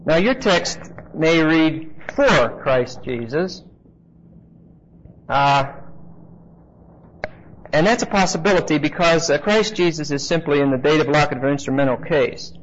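A man's voice: on the high side, expressive. Man teaching scripture on a muffled recording. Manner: explains word meanings slowly, repeats key phrases, asks the class questions. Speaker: preacher teaching a Bible class. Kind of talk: conversational Bible teaching.

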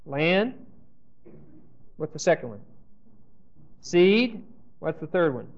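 A man with a fairly high voice leads a Bible lecture, reading verses aloud and quizzing his class. He keeps checking in with an "okay?" as he goes. The recording is dull and lo-fi. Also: sing-song, slow. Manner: checks in with the class, asking questions and saying "okay?"; reads scripture aloud and explains it. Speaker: Bible teacher.

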